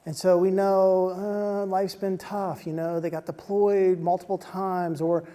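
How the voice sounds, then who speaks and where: A man giving a motivational talk to soldiers, telling stories in an animated way and dropping to a soft hush at emotional moments. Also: high voice, measured pace. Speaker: speaker addressing soldiers. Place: large hall on a military base. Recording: long reverb of a large hall.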